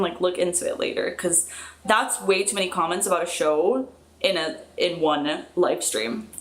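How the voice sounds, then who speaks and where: A young woman chatting casually on a live stream, reading out viewer comments in a chatty, excitable way with fillers and quick laughs. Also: lowish voice.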